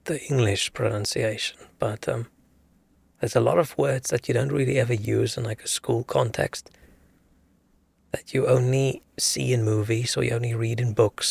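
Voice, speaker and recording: A man's voice: mid-range voice, creaky, husky, dry recording. A man streaming a video game, rambling and musing aloud in casual commentary.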